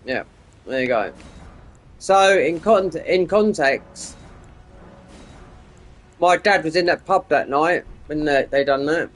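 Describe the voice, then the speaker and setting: Rambling fifty-something man, slightly high. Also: animated, slow, long pauses, soft background music. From United Kingdom. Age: 50s. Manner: meandering, digressive, frequent restarts. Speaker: game streamer. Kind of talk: casual rambling chat while gaming.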